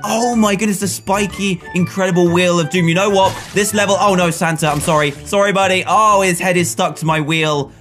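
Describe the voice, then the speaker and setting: A man giving excitable gameplay commentary, laughing often and bursting into shouts as he plays. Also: sits high, fairly quick, few pauses, faint music behind. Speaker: gaming commentator.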